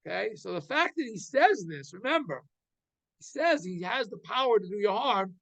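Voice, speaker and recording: A man's voice: high voice, very animated, normal speed, creaky, a bit bright, dry recording, poor audio. A man giving a weekly Torah class, translating Hebrew verses line by line and explaining them. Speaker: Torah teacher.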